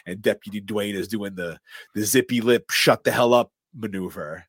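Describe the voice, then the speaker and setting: A man with a somewhat low voice retells a film scene by scene for his podcast, acting out the characters' lines as he goes. His talk is loose and casual, with the odd swear word. The sound is dry and close, with no room around it. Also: normal speed, husky, no room sound. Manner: animated storyteller, acts out quotes and swears casually. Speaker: podcast co-host recapping a film. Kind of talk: casual chat, scene-by-scene recap.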